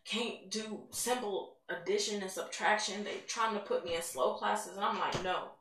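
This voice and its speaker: A teenage girl giving a candid, rambling personal testimony, building to excitement at points. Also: medium pitch, moderate pace. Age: teens. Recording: echoey room, mic at a distance, faint noise.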